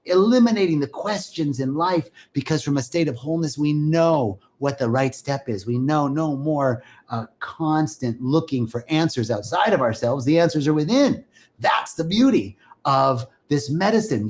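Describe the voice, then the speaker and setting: A man's voice: on the high side, darkish tone. Enthusiastic man hosting a spiritual livestream. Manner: enthusiastic, greets viewers by name. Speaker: host of a spiritual live stream. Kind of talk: casual spiritual talk to a live audience.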